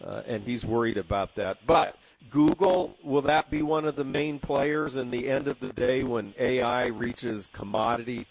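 A man's voice: mid-range voice, creaky, rough recording. A man from Southern California with a San Diego accent, hosting a talk radio show in a rambling way, full of fillers and restarts. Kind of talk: casual radio commentary.

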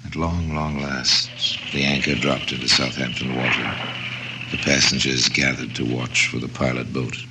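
Very deep-voiced male narrator. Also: flat delivery, noisy background. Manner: measured, dramatic narration. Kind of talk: scripted radio drama narration.

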